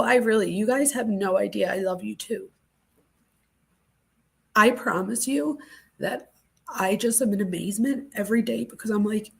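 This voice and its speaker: A woman's voice: medium pitch, creaky. A woman hosting a true crime livestream, gushing with thanks to her viewers and moved close to tears. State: teary, close to crying. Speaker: true crime channel host. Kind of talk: casual livestream chat.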